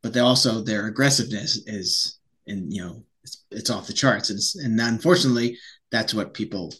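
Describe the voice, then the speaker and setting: A man with a bright, forceful voice, chatting loosely on a podcast. He rambles, trips over his words and starts again. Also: lowish voice, a little fast. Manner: rambling, restarts often. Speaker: podcast co-host. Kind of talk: casual chat.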